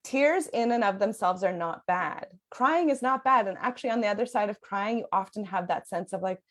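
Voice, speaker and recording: A young adult woman talks in a podcast conversation, voice sitting in a middle pitch. She speaks earnestly in long flowing sentences, often breaking into laughter. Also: animated, fairly quick. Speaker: parenting sleep coach guest.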